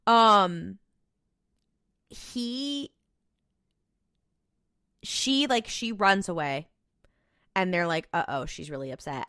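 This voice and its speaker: Bright-voiced woman recapping animatedly. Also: on the low side, dry recording, studio quality. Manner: animated storytelling, quoting characters in quick asides. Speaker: podcast co-host. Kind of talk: casual recap chat.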